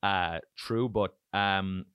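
An Irish man, a comedian, chatting casually and telling profane, animated stories. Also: deep voice, extremely slow, clean tone, no room sound, muffled recording. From Ireland. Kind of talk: casual podcast chat.

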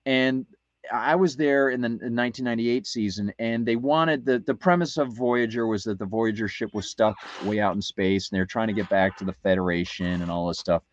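A man's voice: lowish voice, a little fast, no room sound, dull audio. A man co-hosting a talk radio show, telling a rambling story with many restarts. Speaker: radio co-host. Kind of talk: casual anecdote on talk radio.

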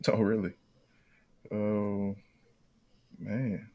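Low-voiced man in his thirties. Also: little pitch movement, drawn-out words, highs cut off. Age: 30s. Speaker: quiz contestant. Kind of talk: casual podcast banter.

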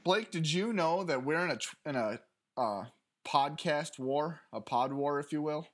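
A man's voice: a little high, expressive, a little slow, a bit bright. An American man in his thirties co-hosting a podcast, chatting casually with a teasing, dry sense of humor. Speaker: podcast co-host. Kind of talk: casual chat.

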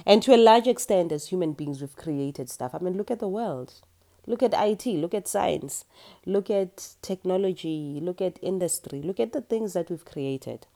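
A woman hosting her own podcast, speaking earnestly in a groggy morning voice, with halting restarts and repeated phrases. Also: on the low side, animated, dark tone. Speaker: podcast host and retreat teacher. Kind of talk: reflective solo podcast monologue.

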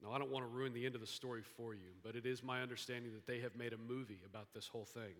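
A man preaching a sermon as pastor, telling a story and moving between hushed and lively emphasis. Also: mid-range voice, racing. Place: church sanctuary. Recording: hall reverb.

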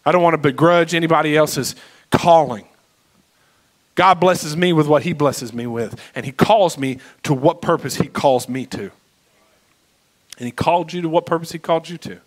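A man preaching as pastor, impassioned, swinging between loud exclamations and hushed moments. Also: on the high side, rough recording. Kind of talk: sermon.

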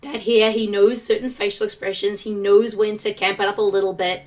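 A woman co-hosting a podcast, talking about films in an animated, opinionated, chatty way. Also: medium pitch, brisk. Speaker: podcast co-host. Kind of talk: casual chat about movies.

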